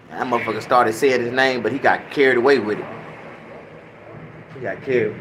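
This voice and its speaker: A man telling a crude, animated, slang-heavy anecdote in a casual, profane style. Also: mid-range voice, fairly quick, background noise. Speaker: comedic storyteller.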